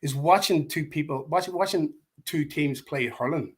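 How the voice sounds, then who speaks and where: A man's voice: on the high side, normal speed. A man from Ireland with an Irish accent, a martial arts instructor chatting as a guest over a video call, telling stories with many restarts and frequent laughs. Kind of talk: casual chat.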